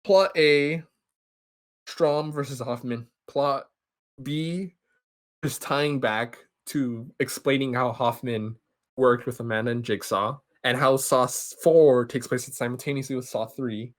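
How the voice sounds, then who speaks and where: Animated young man recapping on a podcast. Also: medium pitch. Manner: animated, acts out characters' lines in quick impressions. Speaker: podcast host.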